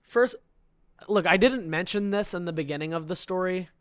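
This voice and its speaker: A man with a fairly high voice tells an outraged story on a podcast. He builds up, gets louder and laughs between lines. The sound is dry and close. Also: normal speed, clear, resonant tone, dry recording. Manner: indignant, building, with bursts of laughter. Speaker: podcast guest. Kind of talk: animated storytelling rant.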